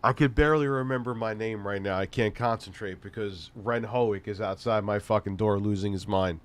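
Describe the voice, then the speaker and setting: A man hosting a live stream, telling a story in casual chat with heavy swearing and an animated, laughing delivery. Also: on the low side, normal speed.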